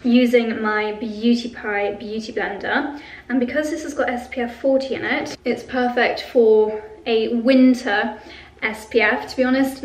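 A woman's voice: fairly high pitch, distant mic. Chatty young woman vlogging in a roomy space. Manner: chatty and enthusiastic, laughs often. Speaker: beauty vlogger. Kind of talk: casual sponsored makeup vlog. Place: hotel room, indoors. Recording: roomy, camera a little off.

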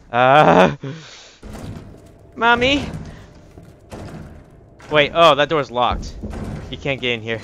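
A man's voice: mid-range voice, creaky, fairly bright tone, slight background noise. A man streaming a horror game live, talking to himself, out of breath and swearing as he gets chased. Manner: jumpy, swears, yelps when chased. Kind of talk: live gameplay commentary.

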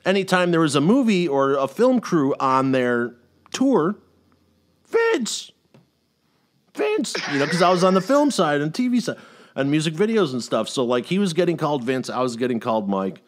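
A man's voice: a little high, brisk. A middle-aged man hosting a casual chat, telling a long story with lots of swearing and acting out other people's lines. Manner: animated storyteller who swears freely and acts out quotes. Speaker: podcast host.

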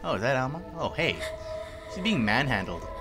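A man's voice: medium pitch, big pitch swings, normal speed. A man giving joking, sarcastic commentary while he plays a video game. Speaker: let's play host. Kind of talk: gameplay commentary. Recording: loud game music behind. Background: game music and sounds.

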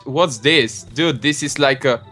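A man's voice: medium pitch, a little slow, pushed and bright, soft background music. A young man co-hosting a video game session, joking around and laughing often with his friend. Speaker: gameplay co-host. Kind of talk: casual let's-play commentary.

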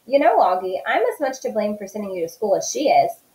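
A woman voicing a gentle, worried father who speaks quietly, in an echoey room. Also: mid-range voice, sing-song, brisk, natural voice. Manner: quiet, soft-spoken. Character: gentle worried father, middle-aged man.

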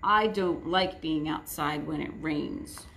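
A woman's voice: low-pitched, slow, vocal fry, a bit bright, a little hiss or hum, voice pushed down, exaggerated voice. A woman voicing Caddy Jane, a fretful little girl. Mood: worried. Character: timid young girl who hates rain.

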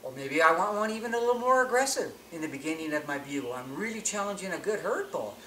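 A slightly high, animated man's voice with a bright, forceful tone moves at a quick pace through an elk-calling tutorial. He instructs plainly and frequently restarts his phrases mid-explanation; faint ambient noise and echo are audible.

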